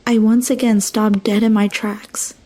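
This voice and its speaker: A woman's voice: mid-range voice, level tone, unhurried, mellow, slight background noise. A young woman narrating a first-person horror story with dramatic, emotional delivery.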